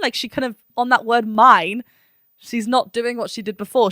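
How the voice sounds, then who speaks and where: A woman's voice: a little high, steady tone, moderate pace, pushed and bright, dry recording, studio quality. A woman vocal coach talking through a song in a chatty, analytic way, now and then singing short vowel demos. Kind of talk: reaction and analysis talk.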